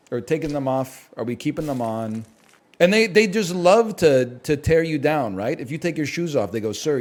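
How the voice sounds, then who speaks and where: A male game streamer telling a long story in loose, rambling chat. He talks with wry, profane energy and jumps into little acted-out quotes, at a middling pitch for a man. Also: darkish tone. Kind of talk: casual rambling storytelling while gaming.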